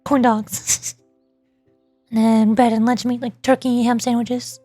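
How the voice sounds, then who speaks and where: A woman streaming and chatting casually with viewers, talking fast when excited and laughing often. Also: a little high, no echo, faint music behind. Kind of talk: casual livestream chat.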